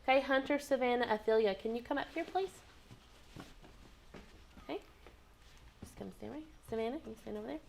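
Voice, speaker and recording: A woman's voice: a little high, a little fast, vocal fry, long pauses, slight background noise. A woman teaching kindergarten in a classroom, patient and encouraging, asking the children lots of prompting questions.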